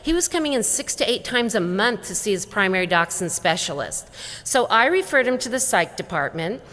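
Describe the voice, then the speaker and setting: A middle-aged woman giving a conference talk as a wellness educator, a lively storyteller who acts out dialogue. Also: mid-range voice, brisk. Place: large conference hall. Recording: long reverb of a large hall.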